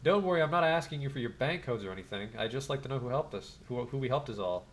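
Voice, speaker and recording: A man's voice: medium pitch, animated, quick pace, a little hiss or hum, natural voice. A man voicing a wary shaman on the run, earnest and pleading.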